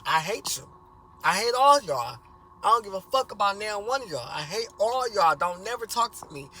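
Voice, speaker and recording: A man voicing a defiant teenage son who shouts curses at his family. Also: high-pitched, little pitch movement, quick pace, a little hiss or hum. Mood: furious.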